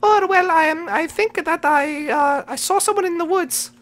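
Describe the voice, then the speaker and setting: A man voicing an excitable, squeaky character in a Minecraft role-play. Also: moderate pace. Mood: chirpy.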